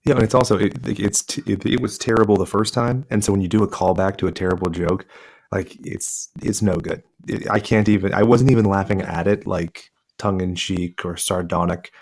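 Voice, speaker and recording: A man's voice: deep voice, steady tone, brisk, creaky, darkish tone, husky. A man chatting on a podcast, sardonic and cursing freely as he mocks a film. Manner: sardonic, swears freely, mimics quotes. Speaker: podcast guest. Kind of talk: casual chat.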